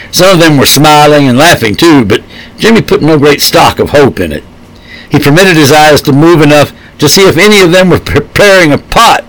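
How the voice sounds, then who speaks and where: A man narrating a storybook in a steady, measured reading voice. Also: a little high, poor audio.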